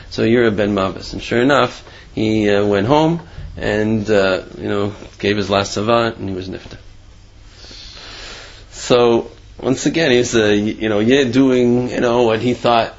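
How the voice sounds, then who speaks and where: A man's voice: medium pitch, creaky, lo-fi sound. A man casually telling a religious tale in a rambling way, with many "you know"s. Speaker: storyteller.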